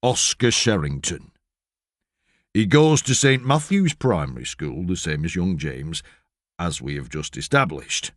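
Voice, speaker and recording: An actor reading an audiobook, playing a stolid middle-aged male police constable who speaks in a slow, measured, officious way. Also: deep voice, lively intonation, dry recording, studio quality, pitched below the performer's own voice. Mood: formal, measured.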